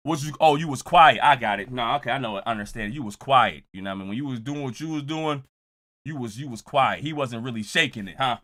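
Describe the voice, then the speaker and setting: A young man streaming casual reaction commentary and joking with his live chat. His delivery swings from loud outbursts to low mutters. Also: expressive, fast.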